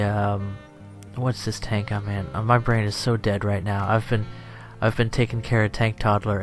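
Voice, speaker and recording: A tired young man hosts a gameplay channel, rambling and putting himself down as he plays. He laughs often, and his voice sits fairly low.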